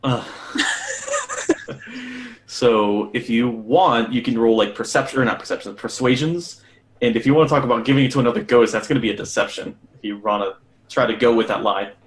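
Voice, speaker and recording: A man's voice: medium pitch, sing-song, moderate pace, slight background noise. A man narrating as game master of a tabletop game, rambling with many fillers.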